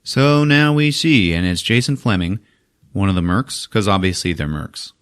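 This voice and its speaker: A podcast host with a fairly low, smooth voice recaps a movie at a normal pace in casual chat. He's animated, swears freely and a lot, and acts out the characters' lines.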